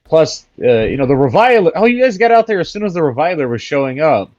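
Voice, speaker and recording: A man's voice: a little high, big pitch swings, quick pace, darkish tone, no echo, dull audio. A man playing a tabletop game, chatting loosely and jokily with plenty of swearing. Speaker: player. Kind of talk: casual tabletop game chat.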